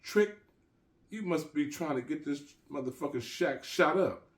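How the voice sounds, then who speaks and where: A man voicing a hot-tempered male gangster who shouts and curses in street slang. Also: deep voice, moderate pace, close to an everyday voice. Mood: furious.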